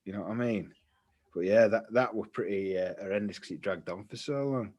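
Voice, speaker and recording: A man's voice: lowish voice, a little fast, a little mellow, highs cut off. Rambling man telling a story. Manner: rambling, swears freely, many fillers. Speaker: podcast co-host. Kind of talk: casual storytelling.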